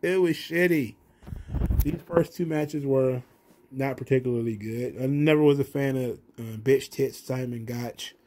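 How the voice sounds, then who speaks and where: A man's voice: medium pitch, normal speed, warm tone. A man hosting a wrestling review channel, recapping a show in a blunt, profane, rambling way.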